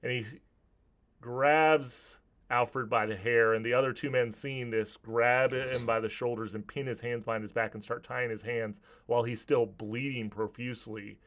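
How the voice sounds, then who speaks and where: A man's voice: mid-range voice, fairly even intonation, moderate pace, fairly bright tone. A man narrating a tabletop game as game master, describing scenes vividly with some restarts.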